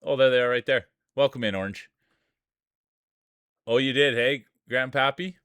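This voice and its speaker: A man's voice: mid-range voice, normal speed, a bit bright, clean tone, no echo. Male streamer-announcer, joking banter, resonant voice, dry close sound. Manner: playful, jokey announcer patter. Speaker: streamer hosting marble races. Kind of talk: live stream commentary.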